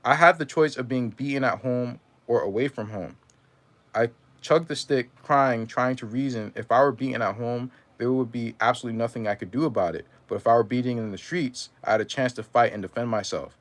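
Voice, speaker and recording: A man at a mid-range pitch reading a first-person memoir aloud. His reading is measured and steady. Now and then he stumbles and corrects himself. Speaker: reader.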